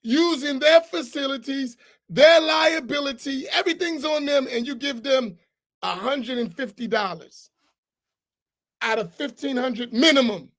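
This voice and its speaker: A man with a notably high voice speaks as an imam in a mosque class. He talks bluntly and emphatically, in a loose, colloquial way. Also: unhurried, fairly bright tone.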